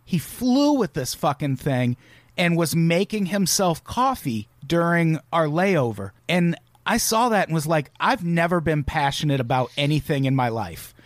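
A man's voice: a little high, big pitch swings, measured pace, no room sound. A man co-hosting a casual comedy podcast, sarcastic and swearing freely as he riffs on the news. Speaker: podcast co-host.

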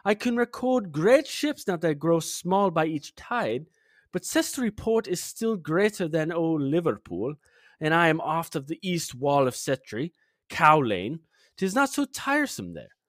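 Man doing a 1500s English farmer, mock German accent, halting, pitch jumping high and low. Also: sing-song, a bit bright, no room sound, clean studio sound. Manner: halting, stumbling over archaic words. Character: English farmer man from 1521, old-fashioned, chatty. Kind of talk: reading a message aloud in a put-on voice.

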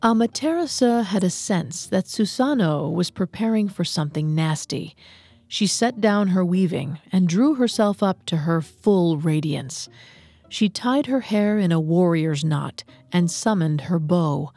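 A woman narrates a myth in a measured, even storytelling manner. Her voice is mellow and a little low, recorded dry and close. Faint music plays behind her. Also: no room sound.

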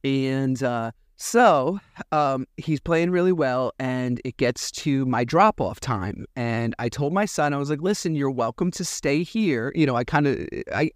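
A man's voice: medium pitch, no echo. A man in his thirties hosting a solo podcast in a casual, meandering way, full of ums and uhs. He acts out bits of conversation as he tells a family story. His mid-range voice sounds close and dry, with no room around it. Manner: rambling, animated retelling with many fillers. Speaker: podcast host.

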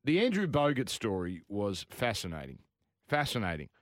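A man's voice: fairly low pitch, wildly swooping pitch, normal speed, no echo, studio quality. A man with an Australian accent hosting a sports talk show, opinionated and ranting in casual banter. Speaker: radio sports show host.

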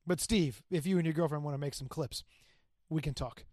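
A man co-hosting a casual podcast, teasing his partner with deadpan quips. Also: on the high side, fairly quick, dry recording, clean studio sound. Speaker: podcast co-host. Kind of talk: casual chat.

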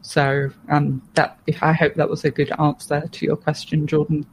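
Flat, gravelly woman telling her story. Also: sits low, normal speed, slight background noise, low-quality recording. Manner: frank and steady, with plain swearing and restarts. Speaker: podcast guest. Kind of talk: candid personal storytelling.

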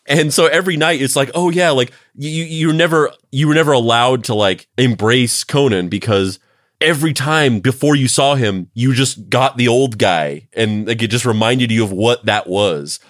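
A man's voice: medium pitch, moderate pace, fairly bright tone, no echo, studio quality. A man co-hosting a podcast, chatting casually and loosely, repeating himself as he builds a point. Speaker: podcast co-host. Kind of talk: casual chat.

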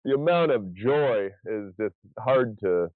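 Slow and expressive, with a lowish voice, a survival show contestant appears as a guest on a casual podcast and retells events, rambling with many restarts. The recording is dry and tinny, as if over a phone.

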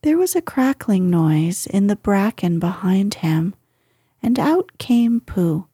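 A woman reading a children's storybook aloud with calm, unhurried narration. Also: medium pitch, slightly rough, no room sound, clean studio sound.

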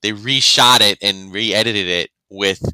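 A man's voice: on the low side, unhurried, bright, forceful tone, smooth, no room sound, rough recording. A man co-hosting a podcast in casual chat, rambling with frequent restarts and acting out other people's reactions. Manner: rambling, restarts often, acts out quoted reactions. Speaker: podcast co-host.

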